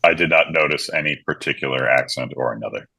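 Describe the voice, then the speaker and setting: Man, guest podcast co-host, very low gravelly voice, hesitant, dry. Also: pushed and bright, no room sound. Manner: hesitant, halting starts. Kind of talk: casual chat.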